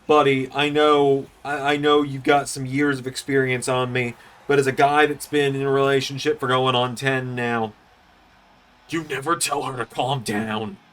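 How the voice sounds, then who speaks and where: A man commentates a wrestling video game series as its host. His play-by-play is excitable and chatty, full of asides and jokes. His voice sits at an average mid pitch. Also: normal speed.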